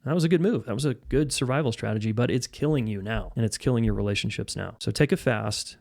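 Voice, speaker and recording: Male relationship coach, mid pitch, direct and emphatic, conversational advice delivery. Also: quick pace, gravelly, darkish tone. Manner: blunt, emphatic, conversational with many restarts. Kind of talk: direct-to-camera advice talk.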